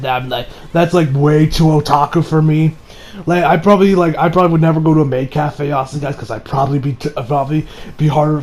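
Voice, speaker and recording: A man's voice: fairly high pitch, darkish tone. A young man reviewing an anime episode in a casual, rambling way, with many fillers and frequent laughter.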